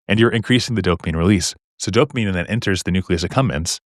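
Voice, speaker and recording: A man's voice: deep voice, no echo, clean studio sound. A young man teaching medical exam topics in a chatty, joking lecture style, full of rhetorical questions. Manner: fast, chatty, jokey, asks rhetorical questions. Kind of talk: casual recorded lecture.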